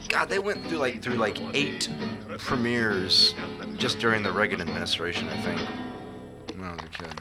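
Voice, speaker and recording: A man's voice: fairly low pitch, expressive, moderate pace, over loud music. A man co-hosting a casual comedy podcast, joking and laughing, now and then slipping into silly voices. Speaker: podcast co-host.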